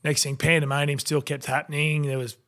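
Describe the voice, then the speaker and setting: A man's voice: on the high side, a little fast. A man in his forties with an Australian accent, a podcast guest telling stories and acting out the people in them. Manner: animated anecdotes, acting out quoted voices. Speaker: guest, former rugby league player. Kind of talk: storytelling in a podcast interview.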